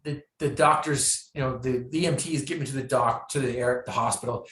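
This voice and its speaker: A man's voice: medium pitch, fairly even intonation, a little fast, a bit bright. Emphatic male motivational speaker, echoey. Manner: emphatic, repeats key phrases for effect. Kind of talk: inspirational storytelling. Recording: echoey room.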